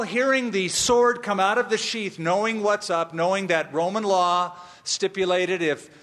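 Slow, emphatic preacher in a reverberant hall. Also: male voice, high voice, fairly bright tone. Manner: emphatic preaching with repeated phrases and humor. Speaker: pastor. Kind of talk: sermon. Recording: long reverb of a large hall.

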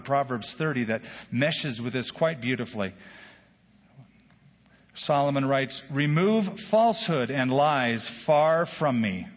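Husky male pastor preaching in a reverberant hall. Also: medium pitch. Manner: animated, acts out quoted prayers with jokes. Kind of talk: sermon. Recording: dull lo-fi sound with hall reverb.

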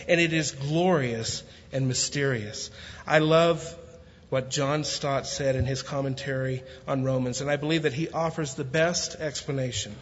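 A man's voice: mid-range voice, fairly even intonation, normal speed. A man giving a sermon as a guest pastor, reading scripture steadily and then joking and preaching with growing fervor, with a bit of a country way of talking. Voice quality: self-described country way of talking. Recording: long hall reverb, slightly dull sound.

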